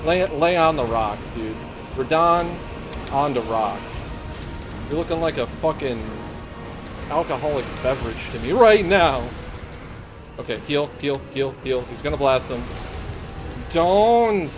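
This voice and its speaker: A man's voice: mid-range voice, expressive, measured pace. A young man streaming a game live, chatting casually with lots of swearing and giggling while he plays. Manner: casual, profane, giggly banter. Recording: game music clearly behind voice.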